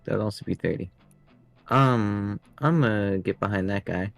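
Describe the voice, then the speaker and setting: A man's voice: on the low side, normal speed, creaky, faint music behind. A man playing a tabletop game, musing aloud as he works out his move. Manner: musing, working things out aloud. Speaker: player.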